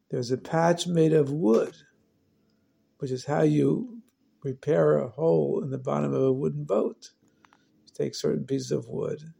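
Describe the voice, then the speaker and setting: Gravelly, husky-voiced male storyteller. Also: on the high side, mellow. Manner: slow, deliberate, with long pauses. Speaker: storyteller host. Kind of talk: storytelling narration.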